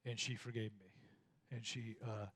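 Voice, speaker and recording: A man's voice: mid-range voice, level tone, moderate pace, fairly bright tone, slightly rough. Man telling folksy marriage stories at church. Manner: storytelling, folksy, self-deprecating, stumbles and repeats words. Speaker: minister teaching with his wife.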